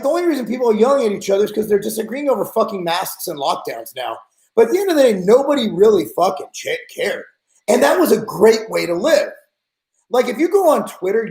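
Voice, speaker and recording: A man's voice: sits high, very animated, a little fast, vocal fry, darkish tone, reverberant, rough recording. A man in his forties hosting a podcast, ranting bluntly and with exasperation in casual talk. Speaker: podcast host.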